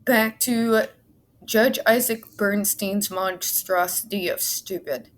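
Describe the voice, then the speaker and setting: Woman, vlogger, slow-talking, blunt, sarcastic, swears, reads a report aloud. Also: mid-range voice, slight background noise. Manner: blunt, exasperated, swears freely; sarcastic asides between read passages. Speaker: advocacy vlogger. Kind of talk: casual commentary reading a court report.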